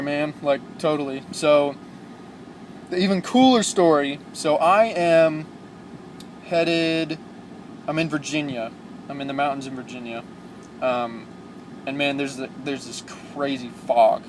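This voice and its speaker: A young man, a new truck driver, telling stories in a casual, rambling vlog, full of fillers and excited asides. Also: a little high, a little hiss or hum.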